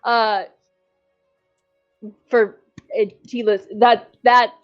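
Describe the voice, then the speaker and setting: A woman's voice: fairly high pitch, steady tone, extremely slow, faint music behind. A woman player in a tabletop game, chatting with rambling, joking asides. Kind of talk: casual tabletop game chat. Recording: slightly dull lo-fi audio.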